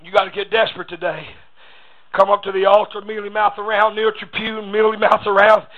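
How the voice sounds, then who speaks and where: A man preaching a sermon, starting each phrase with a rhythmic "uh" and breaking into shouted bursts. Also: high voice, level tone, fairly quick. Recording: phone-like raspy audio.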